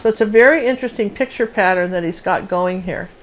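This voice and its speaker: A woman's voice: medium pitch, quick pace, a little hiss or hum. Chatty woman teaching a live painting class. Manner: chatty, rambling, sings little "do do" rhythms while drawing. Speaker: painting instructor and show host. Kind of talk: live painting lesson with casual chat.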